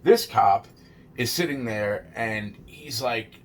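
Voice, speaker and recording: A man with a medium-pitched voice casually retells a true story of his own in the first person, rambling and halting with many restarts and repeated words. He swears constantly and sounds shaken, as if he can't believe it himself. There's slight background noise.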